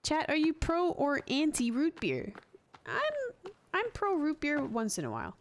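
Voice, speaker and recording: A woman streaming a video game, chatting with viewers and giggling loudly at what happens on screen. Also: high-pitched, huge pitch swings, measured pace, slight background noise. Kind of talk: live gameplay commentary.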